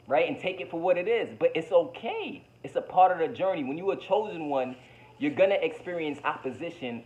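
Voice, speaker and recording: A man's voice: mid-range voice, darkish tone. Guy vlogging, preachy and slangy, keeps repeating himself, muffled sound. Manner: preachy, slangy, repetitive, addresses viewers as baby. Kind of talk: motivational vlog monologue.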